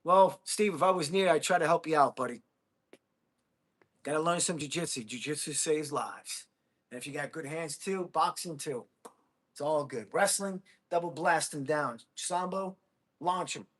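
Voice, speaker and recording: An American man hosting a casual livestream, chatting with viewers, thanking them and whooping with excitement. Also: on the high side, normal speed. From United States. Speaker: livestream host.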